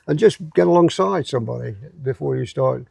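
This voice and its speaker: A man's voice: mid-range voice, fairly quick, creaky, a little mellow, breathy edge, dry recording. A man, a guest in a casual chat who repeats words while he finds them. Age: 80s.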